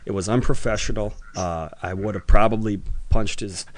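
Man, Minnesotan accent, lowish voice, blunt, swears a lot, casual podcast chat. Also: steady tone, moderate pace, a little hiss or hum.

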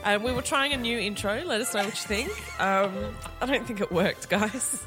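A woman's voice: mid-range voice, normal speed, in a large hall, music in the background. Bubbly, playful woman podcast host. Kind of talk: casual chat.

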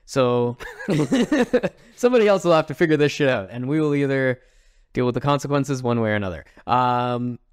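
A man's voice: mid-range voice, expressive, moderate pace, clear, resonant tone, dry recording, studio quality. A man co-hosting a podcast, chatting casually, upbeat and often laughing. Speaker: podcast co-host. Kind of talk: casual chat.

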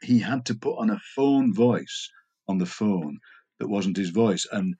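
Husky storytelling Yorkshire man. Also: fairly low pitch, a little slow, muffled recording. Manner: animated storyteller, playful with words. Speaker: guest. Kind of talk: casual conversation.

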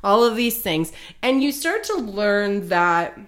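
A woman's voice: mid-range voice, sing-song, takes it slowly, fairly bright tone. A young adult woman co-hosting a podcast, casually retelling a book's plot with lots of fillers and restarts. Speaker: podcast co-host. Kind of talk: casual book chat.

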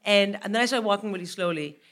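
Bright-voiced woman telling a comic story. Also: medium pitch, quick pace. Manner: animated, laughing, acts out her own panic. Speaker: guest comedian. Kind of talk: comic storytelling on a live podcast. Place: live venue stage.

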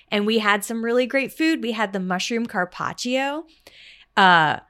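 A woman's voice: mid-range voice, a bit bright. A woman co-hosting a podcast, chatting enthusiastically about restaurant meals. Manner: chatty, enthusiastic food storytelling. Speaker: podcast co-host. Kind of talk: casual chat.

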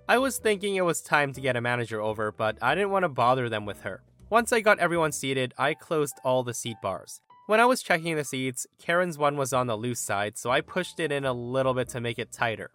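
Animated, bright-voiced male story narrator. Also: mid-range voice, brisk, hardly any pauses, soft background music. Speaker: story narrator and podcast host. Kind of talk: reading internet stories aloud.

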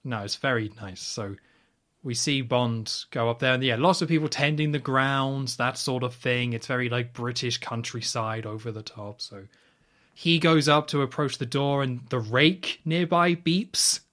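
A man's voice: mid-range voice, unhurried, fairly bright tone. A man hosting a podcast, casually retelling film scenes in a rambling, opinionated way. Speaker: podcast host. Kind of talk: casual film recap chat.

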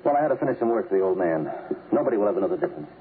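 A man's voice: fairly low pitch, expressive, racing, lightly acted. An actor playing a brusque army colonel and father who speaks in a curt, matter-of-fact way, in 1950s radio drama style, heard through a tinny, hissy old broadcast.

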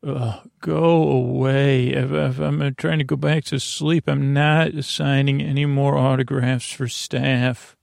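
A man's voice: medium pitch, little pitch movement, slow pace, creaky, few pauses, darkish tone, no echo, studio quality. A man voicing a sleepy, pampered young woman prisoner who rambles and fusses. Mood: drowsy. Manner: dreamy, fussy, rambling.

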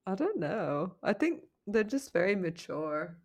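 A woman's voice: medium pitch, unhurried. A woman co-hosting a podcast in casual chat, telling stories and laughing often. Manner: laughs often, animated storytelling. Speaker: podcast co-host.

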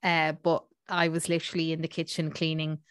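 A woman's voice: low voice, monotone, a little fast, clean tone, no echo, studio quality. A woman co-hosting a podcast in casual chat, rambling with lots of fillers. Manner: chatty, rambling with many fillers. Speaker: podcast co-host.

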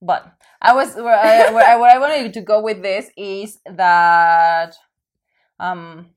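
A woman's voice: mid-range voice, fairly even intonation, slow pace. A woman hosting a casual podcast chat, thinking aloud hesitantly with many fillers and restarts.

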